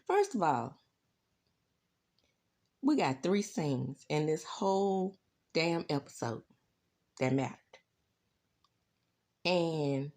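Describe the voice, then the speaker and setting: A woman hosting her own channel, recapping reality TV in a sassy, animated way. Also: on the low side. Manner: sassy, animated, says "baby" a lot. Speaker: YouTube recap host.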